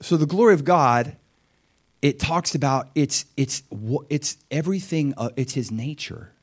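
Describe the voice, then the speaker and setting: A man preaching a sermon with animated, emphatic delivery and frequent questions to his listeners. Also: fairly high pitch, unhurried.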